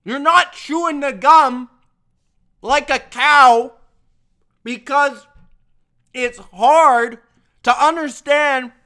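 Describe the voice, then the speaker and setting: A man's voice: very high voice, bright, forceful tone. A man hosting a sports review show, ranting emphatically in casual talk, repeating himself and calling listeners bro. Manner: emphatic, repetitive, addresses viewers as bro. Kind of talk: casual opinion rant.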